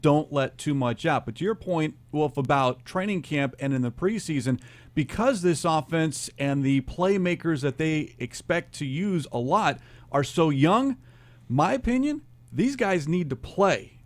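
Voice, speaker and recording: A man hosting a sports talk show, introducing segments briskly and giving his own opinions. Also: fairly high pitch, lively intonation, no echo.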